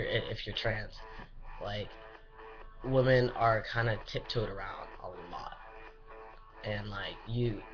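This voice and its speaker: In a dull lo-fi recording, a young male vlogger rambles through a casual personal update, restarting often, filling pauses, and swearing freely. His voice is medium-pitched and a bit bright.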